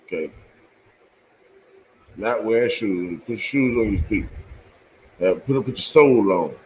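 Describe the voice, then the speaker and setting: A man hosting a show, reading scripture slowly and haltingly, then talking it over loosely and with swearing. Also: lowish voice, expressive, a little mellow, a little hiss or hum, rough recording. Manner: reads verses slowly and haltingly, then talks loosely and profanely. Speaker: show host. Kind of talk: casual scripture reading with commentary.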